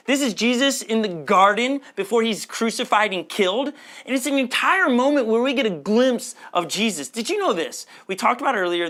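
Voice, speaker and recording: A middle-aged man preaching a sermon as pastor, conversational, with jokes and quick asides. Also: high-pitched, bright, forceful tone.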